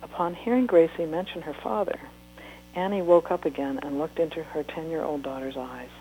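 A woman author reading a chapter of her book aloud in steady, unhurried narration. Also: deep voice, slight background noise, rough recording.

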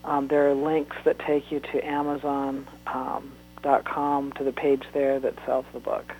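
A woman author reading a chapter of her book aloud in steady, unhurried narration. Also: rumbling low, lo-fi sound, soft background music.

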